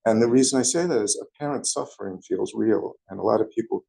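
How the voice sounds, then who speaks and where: A man's voice: fairly low pitch, creaky, warm tone. A man with a New York accent, speaking hesitantly and correcting himself as he searches for words in a group meeting. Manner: hesitant, halting, self-correcting. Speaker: meeting participant. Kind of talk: searching conversational dialogue. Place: meeting room.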